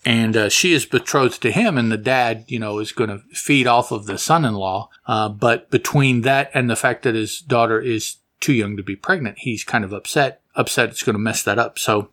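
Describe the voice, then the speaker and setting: A man's voice: mid-range voice, moderate pace, few pauses, a bit bright. A man hosting a casual comic book review show, rambling and correcting himself as he reads passages aloud. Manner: rambling, self-correcting, chatty. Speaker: comic book podcast host.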